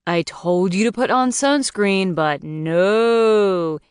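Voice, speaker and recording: A woman voicing a playful, teasing young man in an audiobook, speaking in a low murmur. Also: takes it slowly, clean tone, no room sound, studio quality, close to an everyday voice. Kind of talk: audiobook dialogue.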